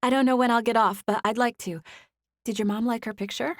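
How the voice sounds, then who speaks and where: A woman voicing a tearful, overjoyed young woman in an audiobook, high-pitched and shaky. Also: steady tone, brisk, no echo, studio quality, close to an everyday voice. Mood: elated. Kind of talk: audiobook character voice.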